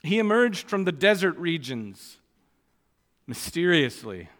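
Slow, deliberate male preacher in a hall. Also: fairly high pitch, very animated, a bit bright. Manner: slow, deliberate delivery with emphatic rises on quoted scripture. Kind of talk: sermon. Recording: long reverb of a church hall.

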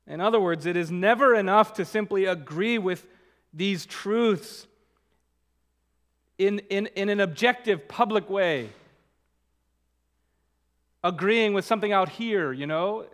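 A man preaching a sermon as a pastor, earnest, slowing down to stress key words. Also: high-pitched, fairly bright tone.

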